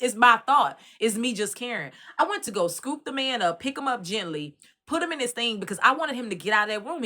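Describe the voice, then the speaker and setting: A middle-aged Texan woman hosting her own commentary, talking straight to her audience in a loose, storytelling way. Her voice is bright and forceful, with a middle pitch, and she pulls listeners in with lots of "right?" and "you understand what I'm saying?". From Dallas, Texas. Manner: animated storytelling, addresses listeners directly. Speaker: commentary host. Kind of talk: casual commentary monologue.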